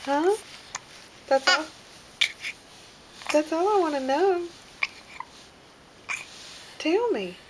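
Mother, coaxing baby-talk voice, high and swooping, home video with clear background noise. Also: expressive, extremely slow, long pauses. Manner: sing-song, coaxing, repeats questions. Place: home, at a changing table.

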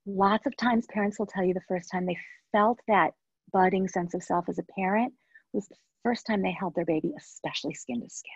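A woman with a husky, breathy voice tells a personal story at a webinar in an earnest way and circles back on her phrases. The sound is dry and a little dull, like muffled webinar audio. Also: medium pitch, fairly quick, no room sound. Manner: earnest storytelling, with repetitions and soft trailing asides. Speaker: webinar speaker and NICU parent. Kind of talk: personal story within a professional talk.

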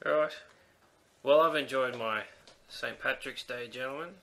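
A man with a bright, clear voice hosts a relaxed chat among friends. He talks with dry, stubborn humor and teases his co-hosts. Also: medium pitch, a little slow. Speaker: podcast host. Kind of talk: casual chat, tasting and scoring drinks.

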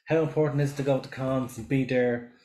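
A man hosting a podcast, relaxed, reading out questions for his guest. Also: mid-range voice, fairly quick. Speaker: podcast host. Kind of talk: casual podcast chat. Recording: echoey room.

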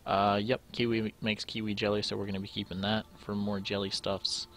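A man's voice: lowish voice, level tone, a little fast, fairly bright tone, slight background noise. A young man thinking aloud to himself as he plays through a game, in casual commentary. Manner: thinking aloud, musing to himself while sorting items. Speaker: let's play gamer.

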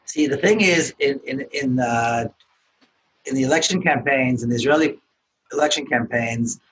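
A man speaking as a podcast guest, earnest and emphatic in a measured way. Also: medium pitch, a bit bright, slight background noise, low-quality recording. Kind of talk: interview conversation.

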